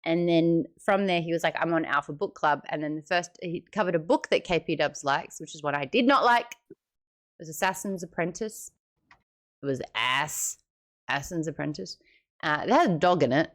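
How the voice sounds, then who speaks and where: A woman in her late twenties with an Australian accent, hosting a book club livestream in casual chat, reading out viewer comments with sudden squeals and quick asides. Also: fairly low pitch. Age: late 20s.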